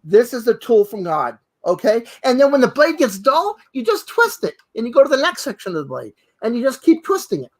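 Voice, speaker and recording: A man's voice: extremely high pitch, sing-song, a little fast, few pauses. A man, a costume designer and co-host, showing off sewing tools in an exuberant chat full of exclamations. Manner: exuberant, exclaims and repeats "fabulous" and "hello". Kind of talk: enthusiastic product demo chat.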